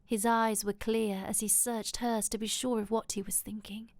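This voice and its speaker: A woman reading a romance novel aloud in a soft, intimate, often whispered way. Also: on the high side, little pitch movement, moderate pace, no room sound. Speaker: audiobook reader.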